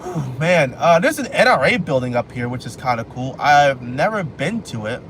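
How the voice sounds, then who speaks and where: A man's voice: medium pitch, big pitch swings, normal speed, a bit bright. A man live streaming while he drives, rambling casually and joking at himself. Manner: rambling, self-joking, repeats phrases. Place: inside a car on a highway. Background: faint road and car noise.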